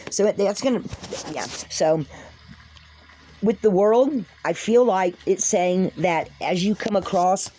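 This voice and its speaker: A woman's voice: medium pitch, slow, warm tone, low-quality recording. A woman giving a casual spiritual tarot reading to camera, chatty, laughing often and talking straight to her viewers. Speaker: tarot card reader.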